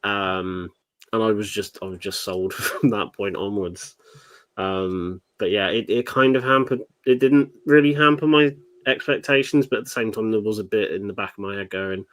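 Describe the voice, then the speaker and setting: A man's voice: on the low side, normal speed, a bit bright, dry recording. A British man, a guest in a casual show discussion, talking hesitantly with many ums. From Britain. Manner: hesitant, full of ums and likes.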